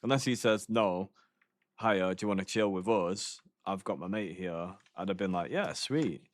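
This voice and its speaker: A man's voice: deep voice, fairly even intonation, moderate pace, dry recording. A man streaming a game, telling rambling stories in casual chat, swearing often and laughing between lines.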